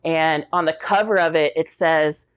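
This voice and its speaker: A middle-aged woman veteran telling stories casually in an interview, animated and slangy, acting out the voices of the people she quotes. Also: sits low, unhurried, clean tone, dull audio. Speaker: military veteran guest.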